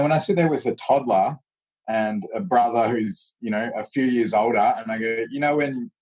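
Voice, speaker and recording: The audio here is low quality, carrying a fairly low, slightly rough male voice. He's an Australian martial arts instructor in a casual interview, an animated storyteller who performs the voices of those he quotes.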